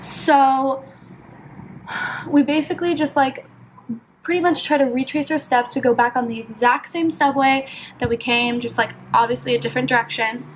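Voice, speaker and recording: A young woman from California vlogging as she does her makeup at home. She tells a story in a chatty, animated way, full of "like". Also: high-pitched, moderate pace, slight background noise, rough recording. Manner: chatty, filler-heavy, animated retelling with lots of "like". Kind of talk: casual get-ready-with-me storytelling.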